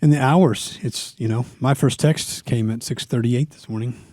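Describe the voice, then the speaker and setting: A man chats casually as a podcast co-host, dropping dry joking asides. His voice has a middle pitch and is recorded close and dry. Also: normal speed, darkish tone, dry recording. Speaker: co-host and real estate agent.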